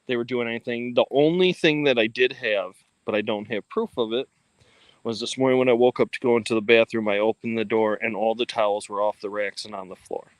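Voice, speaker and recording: A man's voice: mid-range voice, steady tone, a little fast, no echo, poor audio. A man co-hosting a livestream, talking casually with lots of ums and restarts, recorded on a phone. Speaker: co-host of a ghost-hunting livestream.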